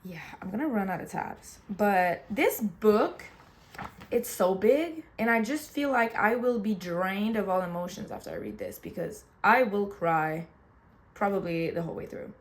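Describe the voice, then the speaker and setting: A woman's voice: mid-range voice, animated, measured pace. A young woman booktuber chatting casually, rambling and gushing emotionally about books and a film. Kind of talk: casual chat. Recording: faint background noise.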